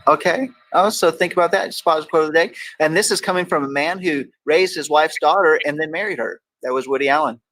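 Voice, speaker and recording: Texan male host, playful quote-reading, slightly high voice, dry close sound. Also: fast talker, few pauses, fairly bright tone, dry recording, low-quality recording. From Texas. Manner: reads quotes aloud with playful emphasis. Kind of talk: casual talk show banter.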